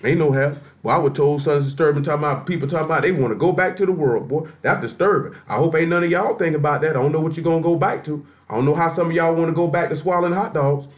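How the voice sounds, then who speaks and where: A man's voice: a little high, very fast, hardly any pauses. A man preaching a sermon in a blunt, colloquial, scolding way, weaving in scripture readings.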